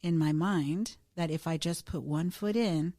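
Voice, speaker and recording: Brief: woman co-host, chatty self-deprecating storyteller, lowish voice, dry close sound. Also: a little slow, warm tone, dry recording. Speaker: podcast co-host. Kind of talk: casual storytelling chat.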